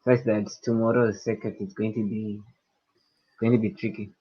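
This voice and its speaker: An agreeable man co-hosts a casual chat, hedging with fillers like "you know". His voice is slightly husky, and the recording sounds a little dull. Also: fairly low pitch, flat delivery, normal speed.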